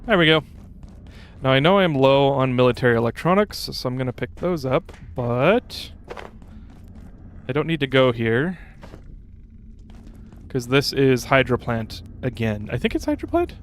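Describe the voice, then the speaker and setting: A man's voice: medium pitch, big pitch swings, a little slow, long pauses, a little hiss or hum. A young adult man streaming a game, chatting casually with viewers and rambling with fillers and restarts. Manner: rambling, chatty, reads chat aloud, frequent fillers. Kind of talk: casual gameplay commentary.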